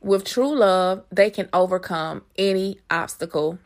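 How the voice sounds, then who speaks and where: A woman hosting her own podcast, telling a story in a chatty, animated way and talking straight to her listeners. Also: lowish voice, a little slow. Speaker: podcast host.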